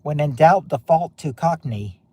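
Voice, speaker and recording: A man's voice: a little high, animated, measured pace, mellow, slightly rough. A man hosting a casual game-night stream, chatting loosely with viewers and often restarting his sentences. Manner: rambling, many restarts and fillers.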